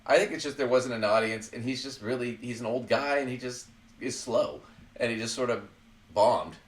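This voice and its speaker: A man's voice: mid-range voice, moderate pace. Man host, casual politics chat, blunt and profane, laughs at his own digs, set back from the mic in an echoey room. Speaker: podcast host. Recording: roomy sound, far from the mic.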